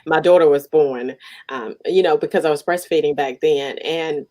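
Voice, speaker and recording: A woman's voice: low voice, normal speed, mellow. A woman hosting a casual interview, telling stories animatedly and laughing often. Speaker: podcast host.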